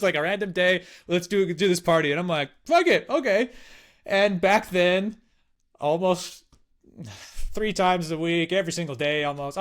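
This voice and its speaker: A man's voice: on the high side, a bit bright. A young man in his twenties telling a story in casual chat, swearing freely and acting out other people's lines. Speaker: podcast guest.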